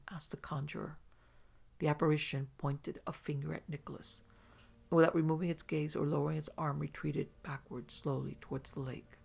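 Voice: medium pitch, gravelly, husky. A narrator reading an old ghost story aloud with dramatic pacing. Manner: dramatic, slow in places.

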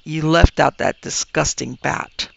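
A man voicing a mild, fussy old male dragon who speaks in a genial, unhurried, teasing way. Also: a little high, steady tone, creaky, no echo, highs cut off.

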